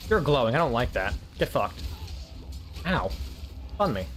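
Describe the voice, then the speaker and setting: A man's voice: medium pitch, sing-song, measured pace, faint music behind. A man casually commenting while playing a game on stream, rambling with lots of filler words and frequent swearing.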